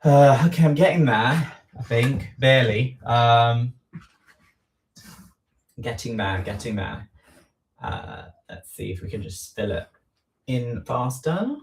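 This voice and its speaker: A man chatting casually on a livestream while he frosts a cake at home, rambling and poking fun at himself, with lots of ums. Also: mid-range voice. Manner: slow, rambling, self-deprecating, many ums. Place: home kitchen. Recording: echoey room, voice far from mic.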